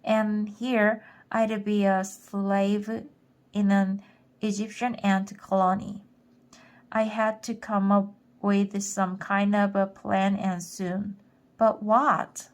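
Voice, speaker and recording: A woman reading a children's storybook aloud at a slow, deliberate pace. Her voice sits at an ordinary middle pitch, and when she trips on a word she calmly goes back and reads it again. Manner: careful, rereading stumbled words. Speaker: storybook reader. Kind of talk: slow read-aloud for English learners.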